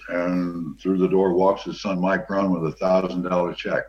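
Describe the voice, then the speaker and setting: Older male guest, deep voiced, easygoing anecdote teller. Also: normal speed, hardly any pauses. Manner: relaxed, rambling, with many fillers. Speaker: guest, former pro football player. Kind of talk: anecdotal storytelling. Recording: dull lo-fi sound.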